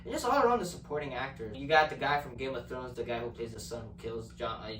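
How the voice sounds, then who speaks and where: A man's voice: medium pitch, fast talker, fairly bright tone, a little hiss or hum. A man giving a casual movie review, rambling and swearing, often repeating words while he searches for the phrase. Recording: echoey room from a distance.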